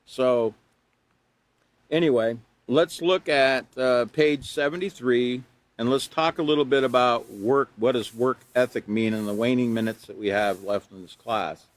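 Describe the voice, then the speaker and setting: A man's voice: medium pitch, a little slow, no room sound. Older guy in his 60s teaching an online class, chatty and rambling, gets emphatic on the rules, dry sound. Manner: folksy and rambling, with chuckles and asides; emphatic when stressing rules. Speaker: character education instructor. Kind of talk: live online class lecture.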